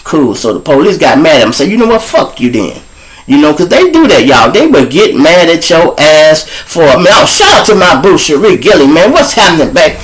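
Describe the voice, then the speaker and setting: Talking at a normal speed with hardly any pauses, this man has a slightly high voice with big swings in pitch, captured on a rough recording. He's from Chicago, carries the local accent, and hosts a show where he tells profane, raw street stories casually to his listeners.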